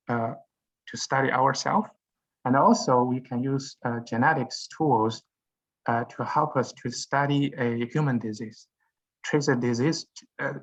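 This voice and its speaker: A male university lecturer explains course material in a halting way, pausing often on fillers and restarting his sentences. His voice sits at an ordinary middle pitch. The recording is dull and lo-fi. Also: fairly bright tone. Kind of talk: classroom lecture.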